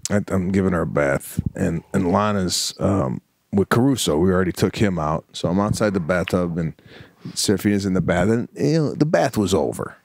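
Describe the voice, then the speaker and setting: A man with a fairly low voice tells his story with animation, acting out the family scenes in a relaxed chat. The sound is dry and close, with no room around it. He keeps an easy, casual tone as a podcast co-host. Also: moderate pace, gravelly, dry recording.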